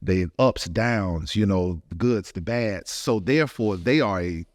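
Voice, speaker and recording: A man's voice: fairly low pitch, unhurried, no echo, studio quality. A middle-aged man, a podcast co-host, talking in a reflective, easygoing way in casual chat. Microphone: podcast studio mic, facing own camera.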